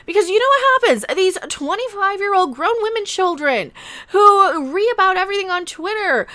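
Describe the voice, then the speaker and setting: High, bright-voiced woman ranting. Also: animated, normal speed. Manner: emphatic, repeats "no" forcefully. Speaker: commentary channel host. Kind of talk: ranting opinion vlog.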